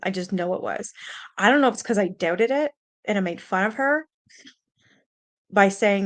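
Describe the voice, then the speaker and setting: A woman's voice: mid-range voice, expressive, moderate pace, long pauses, dry recording. A young adult woman hosting a stream, telling a personal ghost story in a rambling, casual way with lots of fillers, mild swearing, and an earnest, spooked tone. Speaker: host.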